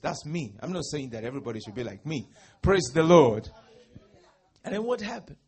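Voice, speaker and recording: A man preaching a sermon as a pastor, with a raspy, husky voice and dramatic swings from hushed tones to shouting. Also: fairly high pitch, very animated, moderate pace.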